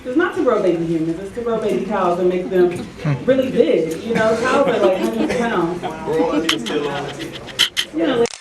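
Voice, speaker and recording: A woman's voice: medium pitch, expressive, normal speed, long pauses. A woman talking casually to an audience, chatty and full of fillers. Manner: chatty, many fillers like um and you know. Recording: echoey room from far off, crowd audible.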